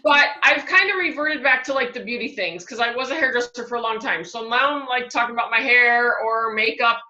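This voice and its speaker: A woman who works as a fitness coach, talking relaxed and candid in a group chat. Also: on the high side, brisk, reverberant, dull audio.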